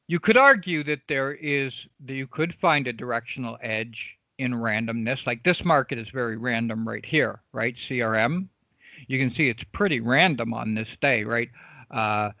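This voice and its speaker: A man's voice: mid-range voice, pushed and bright, dry recording. Man, trading coach, online class, emphatic, repetitive, dry lo-fi sound. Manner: repetitive, emphatic, rhetorical "right?" checks. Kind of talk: live online class lecture.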